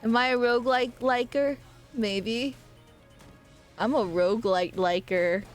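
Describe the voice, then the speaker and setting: Young woman streamer, high voice, excitable, loud playful outbursts, casual gaming commentary. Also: measured pace, faint music behind.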